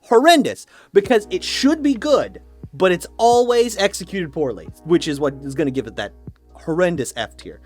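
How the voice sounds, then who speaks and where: Opinionated, swearing man with a lively voice. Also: high-pitched, moderate pace, soft background music. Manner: opinionated, profane, mock-dogmatic; rambling with frequent restarts. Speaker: YouTuber ranking snacks. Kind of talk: casual ranting commentary.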